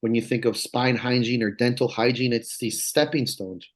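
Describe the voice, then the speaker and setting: A man's voice: mid-range voice, level tone, normal speed. A man, a strength coach, talks as a podcast guest in a casual way that is emphatic, profane and rambling, but earnest.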